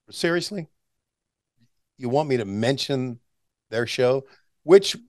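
Older announcer guy telling stories in an interview, chatty, laughs a lot, nice clear voice. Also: on the low side, darkish tone, no echo, clean studio sound. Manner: chatty, anecdotal, frequent restarts and chuckles. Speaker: guest, veteran wrestling announcer. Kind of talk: casual interview storytelling.

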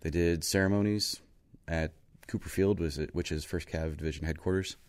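Deep-voiced American man, joking around. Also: steady tone, moderate pace, smooth. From United States. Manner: joking, playful, rambling with fillers. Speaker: podcast co-host, army veteran. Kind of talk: casual chat, storytelling.

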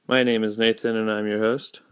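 Young guy hosting a podcast, deadpan rambling jokes, super dry sound. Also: lowish voice, fairly quick, clear, resonant tone, no echo. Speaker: podcast host. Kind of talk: casual comic-strip commentary.

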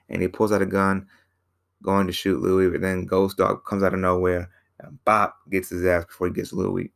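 Casting: low-voiced man with a gravelly edge, casual rambling film recap. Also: normal speed. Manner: rambling, repeats himself, many fillers. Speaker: film reviewer.

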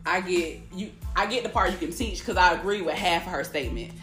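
A woman's voice: lowish voice, a bit bright, roomy sound, faint music behind. A woman co-hosting a casual chat, asking questions and agreeing with the others. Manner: asks questions, quick to agree. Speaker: podcast co-host.

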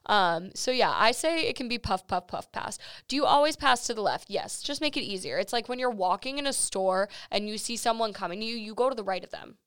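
A woman's voice: a little high, clear, resonant tone, no echo. A young woman hosting a podcast, chatting casually with giggles and swearing. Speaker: podcast host. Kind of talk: casual chat. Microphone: studio microphone.

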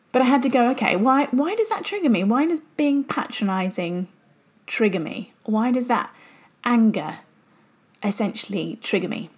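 A woman's voice: mid-range voice, darkish tone, slightly rough. A woman who works as a business mentor gives an earnest, reflective motivational talk and repeats phrases for emphasis. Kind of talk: motivational self-help talk.

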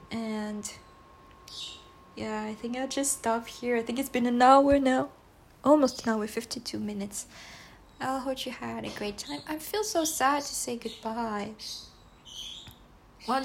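Chatty, rambling woman with a high voice. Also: a little hiss or hum. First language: not English. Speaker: podcast host. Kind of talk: casual solo podcast chat.

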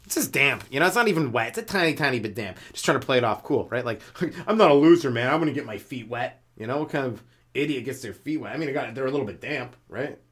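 Bright and forceful, this man talks fast and animatedly through a rambling stand-up bit on his podcast. He pokes fun at himself, jumps in pitch to play silly characters, and coughs like a smoker.

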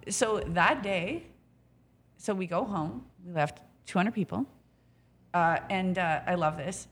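A woman in a casual podcast chat, a restaurant business co-owner telling an animated, candid story and swearing now and then. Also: fairly low pitch, takes it slowly, a little hiss or hum.

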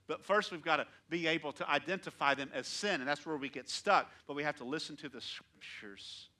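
A male pastor preaching in a church, his voice bright and fairly high for a man. He is animated, pushing hard on key lines and then dropping to soft asides. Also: brisk, few pauses. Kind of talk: sermon.

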